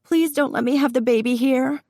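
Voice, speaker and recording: A woman's voice: little pitch movement, slow pace, a little mellow, no room sound, clean studio sound, natural voice. Woman doing a frightened pregnant woman in labor. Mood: scared. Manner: high, pleading.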